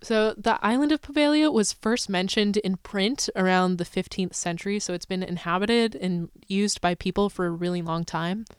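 A woman's voice: medium pitch, normal speed, hardly any pauses, clear, resonant tone, no echo, clean studio sound. A woman co-hosting a podcast in casual chat, playful and sarcastic, often laughing. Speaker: podcast co-host.

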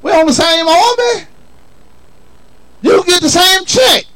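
Lively high-voiced man preaching. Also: takes it slowly, poor audio. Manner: call-and-response preaching, colloquial, emphatic. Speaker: pastor. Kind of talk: sermon.

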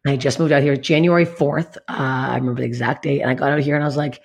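Woman comedian in her late 30s; rapid-fire, blunt, profane storyteller. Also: extremely low pitch, vocal fry, slightly rough. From Canada. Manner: blunt, swears constantly, animated retelling. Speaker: guest comedian. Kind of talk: candid podcast storytelling.

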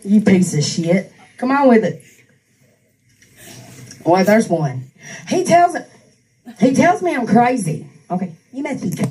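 Woman, casual profane rant, taunting and laughing, mid pitch, slightly off-mic. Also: very animated, slow, pauses often, warm tone, distant mic, low-quality recording. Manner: mocking, crude, laughs often. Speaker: streamer ranting at an online troll. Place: on a couch at home. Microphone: handheld microphone.

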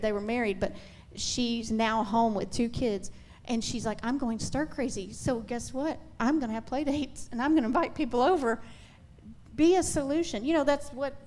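Addressing mothers with sincere encouragement, a middle-aged woman appears on a faith-based talk show, often restarting her sentences slightly. Her voice is on the high side.

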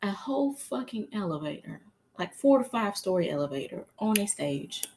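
A woman co-hosting a casual podcast, telling stories in an animated, dramatic way with lots of cursing. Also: mid-range voice, moderate pace, a little hiss or hum. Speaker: podcast co-host. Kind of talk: casual chat.

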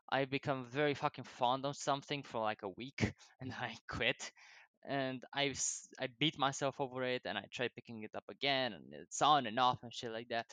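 A young man with a bright, forceful voice rambles through a casual vlog, cursing nearly every sentence and laughing as he drifts from one tangent to the next. The sound is dry and close, with no room echo. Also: mid-range voice, clear, resonant tone. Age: young adult. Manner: swears constantly, digressive, laughs often. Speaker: vlogger. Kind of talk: rambling personal monologue.

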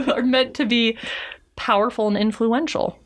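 A woman's voice: a little high, steady tone, a little slow. A woman co-hosting a podcast, telling a history story in casual, profane chat and laughing often.

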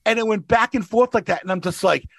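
Guy with a high gravelly voice, animated storyteller doing voices, dry close sound. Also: fast talker, dry recording. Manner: animated, acts out voices in his anecdotes. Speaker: podcast regular, rideshare driver. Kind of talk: casual storytelling.

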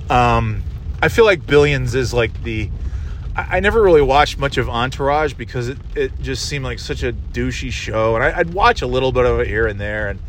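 A man's voice: mid-range voice, a bit bright. Solo host, man, loose rambling talker who swears casually; recorded in a car with faint road hum. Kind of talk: casual monologue while driving. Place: inside a car.

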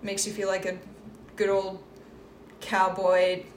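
A woman co-hosting a podcast in casual chat, animated and loose, swearing casually. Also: medium pitch, slow pace. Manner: animated, swears casually, mimics voices when retelling. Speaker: podcast co-host. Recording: echoey room with faint noise.

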